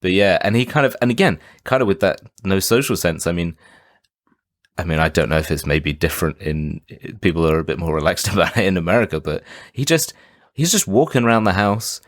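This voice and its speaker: A man's voice: low-pitched, a little fast, no room sound, studio quality. A man co-hosting a film podcast, chatting casually and rambling with lots of "kind of" and "like". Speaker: podcast co-host. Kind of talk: casual film review chat.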